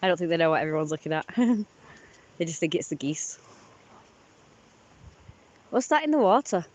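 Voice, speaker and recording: A woman's voice: on the low side, big pitch swings, normal speed, darkish tone. Giggly woman vlogging outdoors. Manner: chatty, giggly, talks to the ducks. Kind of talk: casual vlog chat. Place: outdoors by a pond.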